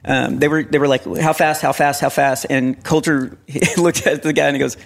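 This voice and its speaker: A middle-aged man, a father, telling a story in casual chat in a quick, chatty way. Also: fairly high pitch, steady tone, vocal fry.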